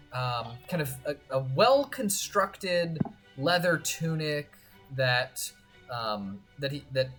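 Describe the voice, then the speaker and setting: A game master narrating a tabletop game in a halting way, with many fillers and restarts. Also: mid-range voice, a bit bright.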